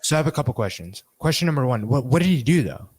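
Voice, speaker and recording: A man's voice: mid-range voice, lively intonation, fast talker, a little mellow, husky, no room sound. A man co-hosting a podcast, asking follow-up questions in a casual, probing way. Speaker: podcast co-host.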